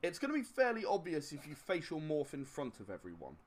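Animated male GM, slightly high, rambling with fillers. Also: fairly quick, crowd noise. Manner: rambling, chuckling, many fillers. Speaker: game master. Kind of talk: narrating a tabletop game.

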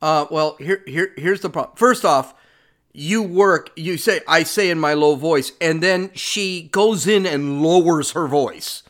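A man's voice: on the high side, a little slow, a bit bright. A middle-aged man hosting a podcast, giving blunt, sarcastic commentary on clips he plays and repeating himself as he argues. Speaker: podcast host. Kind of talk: opinionated commentary on played clips.

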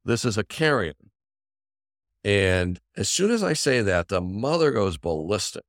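A middle-aged man speaks in a fairly low voice as a podcast guest. He tells stories in a lively way, shifting his voice for the people he quotes. The sound is close and dry. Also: measured pace, no echo. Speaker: physician and company founder, podcast guest. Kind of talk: conversational storytelling in an interview.

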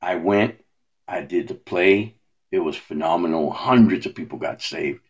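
A man's voice: deep voice, normal speed, breathy edge, muffled recording. A man sharing a personal testimony in a rambling storytelling way, with many fillers and restarts.

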